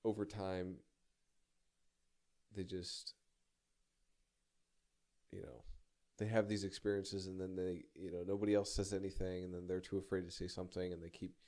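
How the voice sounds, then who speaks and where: A man's voice: low-pitched, flat delivery, mellow. Rambling, profane young man telling a story. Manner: rambling, profane, self-deprecating, halting with many restarts. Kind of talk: casual personal storytelling.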